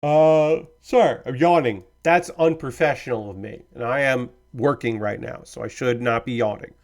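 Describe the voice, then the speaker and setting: A man's voice: mid-range voice, normal speed, gravelly. A man hosting a live stream in casual chat, rambling and hedging, easygoing and apologetic, swearing now and then. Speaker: streamer host.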